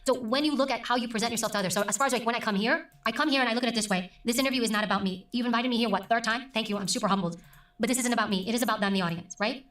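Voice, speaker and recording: A middle-aged woman who works as a news presenter, talking emphatically and deliberately as an interview guest. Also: on the high side, a bit bright, echoey room, distant mic. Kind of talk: conversational interview.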